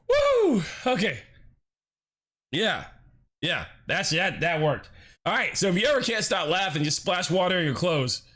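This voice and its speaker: Lively, bright-voiced male game streamer. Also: high voice, normal speed, long pauses. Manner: laughing, swearing, talking to chat. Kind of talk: casual live-stream chat.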